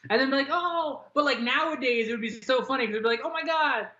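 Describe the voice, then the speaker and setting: Lively high-voiced man, roomy lo-fi sound. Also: rapid-fire. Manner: animated, acts out silly voices when retelling. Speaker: podcast co-host. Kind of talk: casual chat. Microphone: remote call setup on a laptop.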